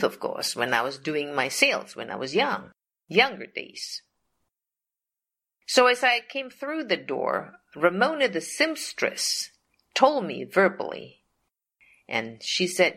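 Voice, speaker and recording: Slow, deliberate woman telling a testimony. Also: on the low side, very animated, a bit bright, husky. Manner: slow, deliberate, repeats phrases for emphasis. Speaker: storyteller. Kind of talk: personal faith testimony.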